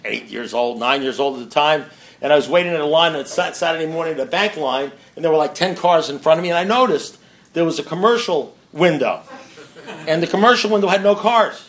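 A man's voice: fairly high pitch, a little fast. A man sharing a story with a recovery meeting, rambling and self-mocking, with many asides to the listeners. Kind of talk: storytelling share to a meeting audience.

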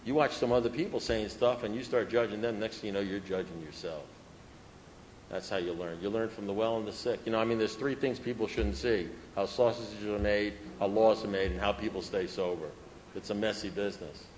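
A man's voice: lowish voice, steady tone, brisk, a little mellow, a little hiss or hum, low-quality recording. A man telling his recovery story to an audience in a humorous, conversational way, repeating phrases for rhythm. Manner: humorous, self-mocking and conversational. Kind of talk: personal storytelling talk to an audience.

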